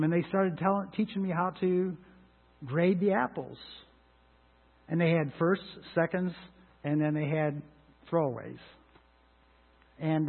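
A middle-aged man preaching a sermon in an earnest way, rising to emphatic lines and dropping to quiet asides. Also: on the high side, husky, narrow, tinny audio. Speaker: pastor.

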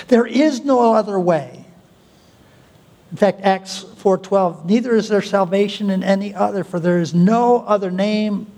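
A male pastor preaching a sermon, with deliberate pauses and an emphatic delivery. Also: high voice, darkish tone. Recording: long hall reverb.

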